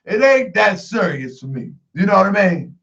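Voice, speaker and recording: A man hosting a call-in livestream show, talking emphatically with much repetition, sometimes shouting and laughing. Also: sits high, very animated, normal speed, creaky, muffled recording. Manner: joking, laughs often.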